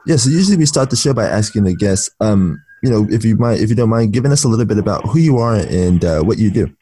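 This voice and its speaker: Laid-back deep-voiced male podcast host. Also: lively intonation, fast talker, dark tone, slightly rough. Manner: laid-back, chatty with many fillers. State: morning voice. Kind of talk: casual interview chat.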